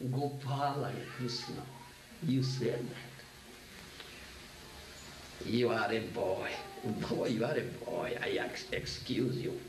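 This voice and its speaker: A man voicing a devoted, simple elderly father in a retold scripture story, pleading slowly and checking with repeated "huh?". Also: fairly high pitch, voice pushed down. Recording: echoey room, distant mic, faint noise.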